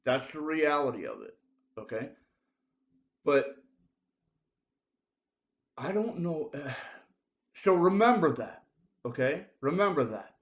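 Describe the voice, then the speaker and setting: A man's voice: fairly high pitch, very animated, takes it slowly, pauses often. A man giving a rambling confessional monologue to camera, full of fillers and urgent appeals to the listener. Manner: rambling, heavy fillers like dude and bro. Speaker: self-made video preacher. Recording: roomy, dull lo-fi sound.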